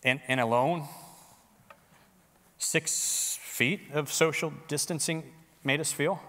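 A pastor preaches to his congregation in a conversational, animated way, with jokes along the way. His voice is bright and forceful and sits a little high for a man. The sound rings with the long reverb of a large worship hall. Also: slow. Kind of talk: sermon. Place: church worship center.

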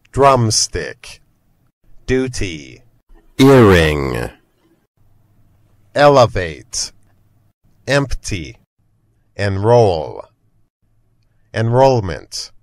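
Slow man reading English words. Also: lowish voice, no echo. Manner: reads single words with long pauses, each carefully pronounced. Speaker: vocabulary reader. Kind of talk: slow word-list reading for learners.

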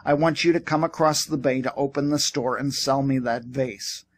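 An irritable young ex-soldier at the end of his rope, played by a man reading the book. He presses every word with exasperated force, in an ordinary middle-pitched voice. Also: steady tone, moderate pace, natural voice. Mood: insistent. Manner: shouting, exasperated.

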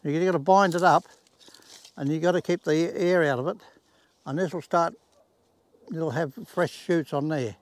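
This Australian octogenarian, outdoors in his garden, casually demonstrates the space in a down-to-earth, folksy style full of rural sayings. His voice is on the high side, at normal speed, and he pauses often.

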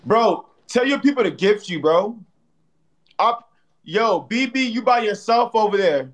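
High-voiced man trash-talking on a live stream. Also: lively intonation, a little slow. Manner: playful trash-talking, teasing viewers and a rival streamer; slangy, repeats phrases, tags lines with "bro". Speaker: livestream host. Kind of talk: casual live-stream banter.

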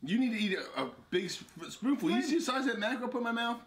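Teasing male co-host, high lively voice, noisy recording from a distant mic. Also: rapid-fire. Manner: teasing, joking. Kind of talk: casual chat. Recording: loud background noise, distant mic.

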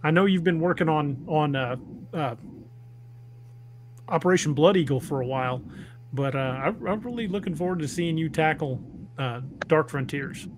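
A man's voice: on the high side, moderate pace, long pauses. A man hosting a podcast, chatting enthusiastically and explaining at length. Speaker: podcast host and author. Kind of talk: casual chat.

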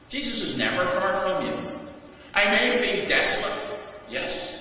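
A man, a rector, preaching a sermon in a measured, emphatic way, with repeated refrains. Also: sits high, expressive, pushed and bright. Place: large stone church. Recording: echoey church from far off.

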